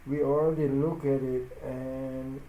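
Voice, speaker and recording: Slow, halting man in a roomy space. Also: mid-range voice, level tone, narrow, tinny audio, faint music behind. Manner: halting, searching for words, non-native grammar. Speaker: forex trader. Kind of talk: casual live trading chat. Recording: roomy with faint noise.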